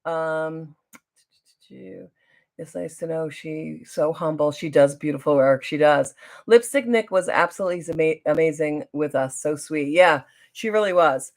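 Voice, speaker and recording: A woman's voice: deep voice, unhurried. A middle-aged woman telling a long story on her live stream, rambling and chatty, with lots of fillers and restarts. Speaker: YouTuber hosting a live stream.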